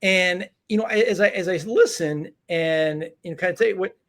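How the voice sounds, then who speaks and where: Stammering male podcast host, fairly high. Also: fairly bright tone. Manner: halting, stammering repeats, enthusiastic. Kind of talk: interview podcast hosting.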